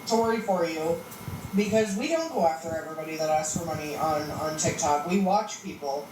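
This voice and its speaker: A woman's voice: low voice, animated, moderate pace. A woman lecturing and scolding someone in a video being played back. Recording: roomy, distant, noisy playback.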